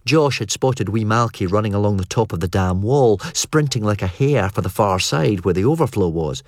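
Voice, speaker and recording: Reading scripted narration for an audiobook, a man delivers lively, low-voiced lines at a moderate speed. The audio is dry and studio quality.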